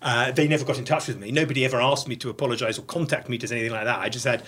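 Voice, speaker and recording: Rapid, husky man, blunt and profane. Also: mid-range voice, fairly even intonation, fairly bright tone. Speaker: podcast guest. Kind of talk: candid interview conversation.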